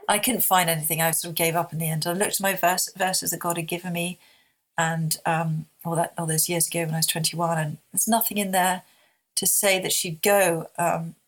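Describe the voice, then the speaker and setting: A woman in her forties giving a personal testimony, talking in a halting way with restarts and searching pauses. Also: on the low side, steady tone. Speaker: storyteller sharing a personal testimony.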